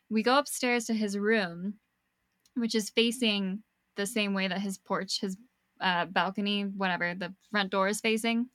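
A woman's voice: medium pitch, a little slow, dry recording, clean studio sound. Young woman telling a wild story. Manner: animated, acts out quoted dialogue, swears freely. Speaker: podcast guest storyteller. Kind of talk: casual chat, telling a personal story.

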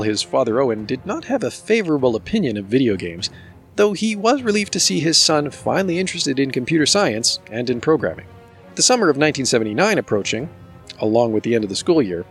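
A man narrates a book chapter for a podcast in steady, measured scripted narration. His voice sits at a middle pitch. Faint music plays softly behind him. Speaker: podcast host and book reader.

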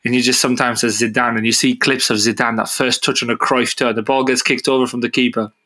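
A man co-hosting a football podcast, chatting casually and telling stories with lots of excitement. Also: medium pitch, fast talker. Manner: excitable, animated storytelling. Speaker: podcast co-host. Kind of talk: casual chat.

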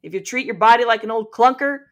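A woman's voice: a little high, fast. A woman hosting a podcast, reading aloud from a book with wry asides and frequent laughs. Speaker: podcast host.

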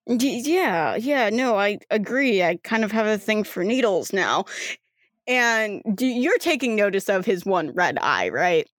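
A young woman narrates a tabletop game, wandering through her descriptions with plenty of fillers. She talks slowly, and her voice sits close and dry with no room around it. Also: medium pitch, very animated, no room sound. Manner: rambling, full of fillers. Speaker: game master.

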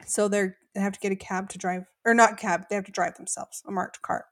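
A woman's voice: mid-range voice, brisk. Chatty young woman podcast host. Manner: chatty, animated retelling with quoted voices and laughs. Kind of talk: casual recap chat.

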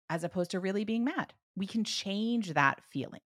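A woman coaching a parent with advice, acting out example phrases with lively emphasis. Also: mid-range voice, normal speed, no room sound, studio quality. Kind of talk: advice session.

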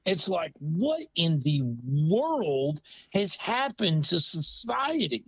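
A man with a high, lively, gravelly voice trades sarcastic jokes in a relaxed chat. The sound is dry and a little dull, as if from a lo-fi mic. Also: takes it slowly, dry recording. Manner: sarcastic, jokey, puts on silly voices. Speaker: podcast co-host. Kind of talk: casual comedic chat.

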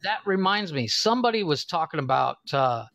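High-voiced teasing podcast co-host man. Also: animated, a little fast, gravelly, a bit bright, dull audio. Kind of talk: casual banter podcast.

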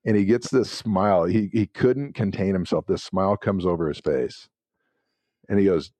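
A man in his forties, a former pro football player, telling interview stories with lively acted-out quotes. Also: sits low, normal speed, no echo. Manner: animated anecdotes with acted-out quotes. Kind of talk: casual interview storytelling.

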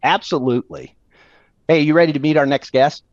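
A man co-hosting a podcast, telling stories in a casual, animated way and laughing often, on a dull, dry recording. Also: fairly high pitch, brisk, dry recording. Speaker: podcast co-host. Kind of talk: casual storytelling chat.

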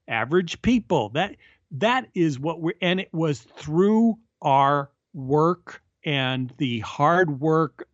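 A man guest commentator in casual political chat, halting and hesitant with many restarts. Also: a little high, dry recording. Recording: dull lo-fi remote line.

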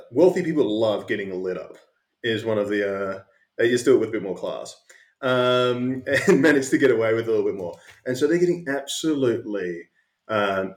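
A man, hosting an interview podcast and telling a long, rambling anecdote full of fillers. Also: lowish voice. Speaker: podcast host. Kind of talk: casual storytelling interview. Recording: roomy echo.

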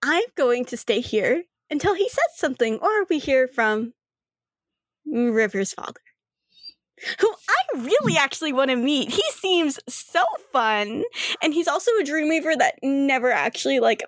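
A woman game master voicing a cutesy young woman who is secretly commanding, speaking calmly and sternly with light giggles. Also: sits high, a little slow, no room sound, voice pushed up, heavily acted. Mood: chatty.

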